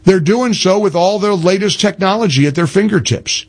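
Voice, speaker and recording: A man in his sixties hosting a political talk radio show, emphatic, spelling things out slowly and restarting his sentences. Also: sits high. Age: 60s.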